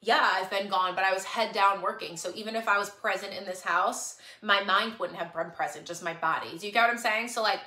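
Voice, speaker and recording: A woman's voice: medium pitch, fairly quick, few pauses, bright, forceful tone. A woman talking earnestly and tearfully to her followers on a live stream, pleading and repeating herself. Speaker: livestream host. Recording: echoey room.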